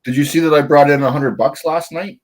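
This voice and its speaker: A man's voice: on the high side, steady tone, a little fast. A man co-hosting a livestream panel, chatting casually with dry jokes. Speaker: panel co-host. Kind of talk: casual chat.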